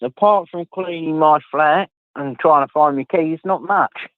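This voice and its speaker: A man's voice: fairly high pitch, a little slow. Man chatting over a tinny phone line. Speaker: caller. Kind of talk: casual phone chat.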